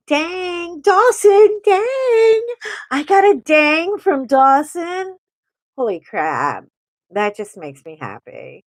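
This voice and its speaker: Slow-talking chatty middle-aged woman. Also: on the high side, dry recording, rough recording. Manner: rambling, chatty, laughs often. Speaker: host. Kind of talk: casual chat while coloring live.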